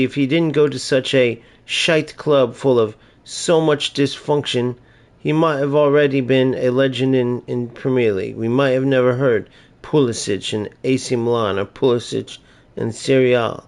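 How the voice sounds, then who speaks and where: An American man gives loose, talkative commentary over a football video game. He jokes and makes bold claims to his viewers. His voice sits at an ordinary middle pitch for a man. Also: fairly even intonation, normal speed. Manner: talkative, joking, opinionated. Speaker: gaming streamer. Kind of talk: casual gameplay commentary.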